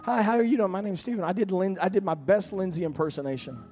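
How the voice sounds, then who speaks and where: Middle-aged pastor, lively storytelling sermon, slightly high voice, faint music bed. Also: male voice, fast talker. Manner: animated storyteller, sudden loud peaks and laughter.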